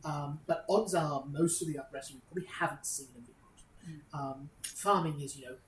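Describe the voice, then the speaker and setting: A woman's voice: sits low, normal speed. A woman narrating as game master of a tabletop game, describing scenes with frequent ums and restarts. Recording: roomy echo with faint noise.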